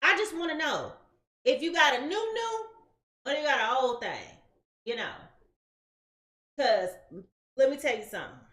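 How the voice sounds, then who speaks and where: A woman's voice: sits high, very animated, normal speed, pauses often, bright, forceful tone. Chatty woman tarot reader, echoey room. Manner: chatty, slangy, talks straight to viewers. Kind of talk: casual live-stream tarot reading.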